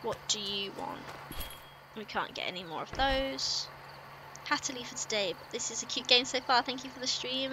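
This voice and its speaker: A woman's voice: on the high side, moderate pace, noisy background. Playful young woman streaming a game. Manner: playful, chatty, talks to herself and chat. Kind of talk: casual let's-play commentary. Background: game music.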